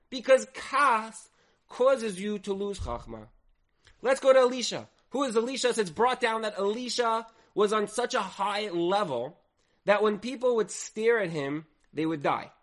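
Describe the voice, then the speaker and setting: High-voiced man teaching Torah. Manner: dramatic storyteller, acts out quoted speech with swings in loudness. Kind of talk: animated Torah lesson.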